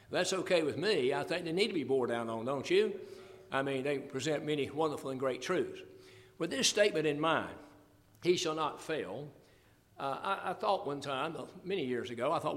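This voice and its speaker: An older man delivers a sermon in a fairly high voice. He expounds scripture earnestly, with folksy asides between verses. His voice rings out with a long reverb, as in a hall. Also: fairly bright tone. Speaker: preacher.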